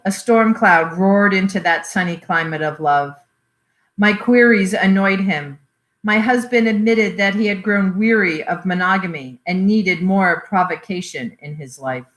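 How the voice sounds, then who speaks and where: A woman reads a memoir aloud in a measured storytelling way. Her voice sits at a middling pitch. The recording has a noticeable roomy echo. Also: a bit bright. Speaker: reader.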